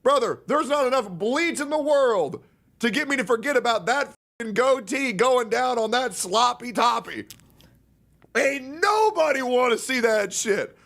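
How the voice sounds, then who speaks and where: High-voiced guy with a gravelly edge, crude heated streamer rant, mocking then chill. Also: a bit bright. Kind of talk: angry streamer rant to the camera.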